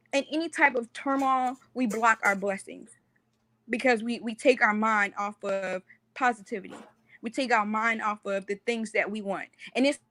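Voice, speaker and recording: A woman speaks as a guest on a call-in show, offering calm, affirming encouragement. Her voice is fairly high, and the recording is dry with no room sound. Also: no echo. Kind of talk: motivational talk.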